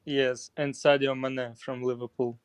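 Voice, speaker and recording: A man's voice: medium pitch, little pitch movement, unhurried, smooth, no room sound. A man talking casually with a teacher as a guest learner on a video call, careful and plain. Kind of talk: casual conversation practice.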